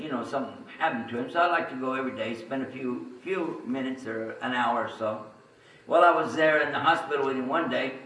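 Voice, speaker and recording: A man from Texas, a religious speaker, tells his personal story to an audience in a chatty way full of asides. His mid-range voice has a fairly bright tone, and the recording sounds roomy, as if from a distant mic.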